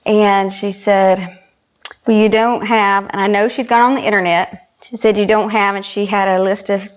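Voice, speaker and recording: A woman's voice: medium pitch, fairly even intonation, moderate pace, smooth. Earnest Southern woman telling her story. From South Carolina. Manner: earnest, emotional, retells dialogue. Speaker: guest, country singer. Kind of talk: personal storytelling in conversation.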